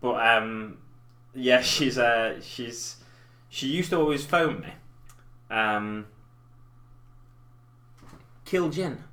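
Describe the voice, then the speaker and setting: Man, 30s, live-stream host; bright tone, chatty and self-deprecating. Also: mid-range voice, drawn-out words, long pauses. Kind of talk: casual chat while painting miniatures. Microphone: desk mic in front of keyboard.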